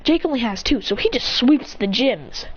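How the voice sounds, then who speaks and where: Woman telling a made-up fan story all excited, high lively voice, muffled audio with loud music. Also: normal speed, a little hiss or hum. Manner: excited, with acted shouts and self-corrections. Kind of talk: improvised fan-story narration.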